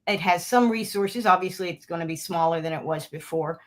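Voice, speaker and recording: A woman's voice: on the low side, brisk. A woman who is a retired military officer, answering interview questions earnestly and with many hesitations.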